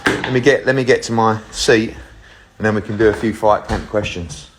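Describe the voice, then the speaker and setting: A man's voice: fairly low pitch, moderate pace, noisy background. A middle-aged man, a sports promoter, chatting casually and brashly with live-stream viewers into his phone while a little out of breath. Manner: brash and upbeat, swears casually. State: a bit out of breath. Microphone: phone held while walking.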